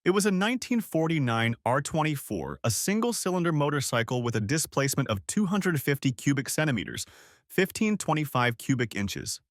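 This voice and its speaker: Man reading out an audiobook story, pitch all over, dry mic. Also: sing-song, a little fast, dry recording. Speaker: narrator.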